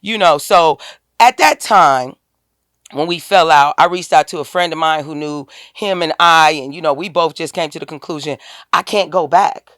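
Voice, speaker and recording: A woman, a guest on an interview podcast, telling a personal story in a casual, animated way and acting out the quoted dialogue with a lifted voice. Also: low voice, moderate pace, no echo, studio quality. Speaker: podcast guest, tax business owner.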